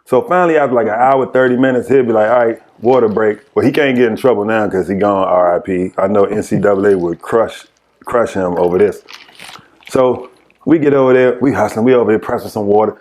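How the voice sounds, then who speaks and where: A man with a fairly low voice tells old basketball stories as a podcast guest. His delivery is laid-back and casual, and he often laughs as he goes. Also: a little fast, darkish tone. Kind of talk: casual storytelling.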